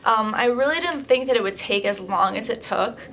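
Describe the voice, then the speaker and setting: Young woman, casual vlog chat, slightly high voice, filler-heavy and candid. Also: expressive, moderate pace, fairly bright tone, slight background noise. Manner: chatty, lots of fillers, candid and tired. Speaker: beauty vlogger.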